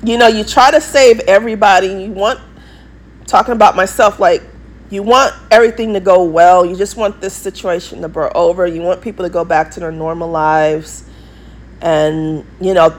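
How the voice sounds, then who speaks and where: A woman's voice: on the low side, fairly even intonation, normal speed. A woman with an English accent talks in a rambling monologue to her viewers, emphatic and repeating herself for stress. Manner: emphatic, repetitive, insistent. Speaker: vlogger.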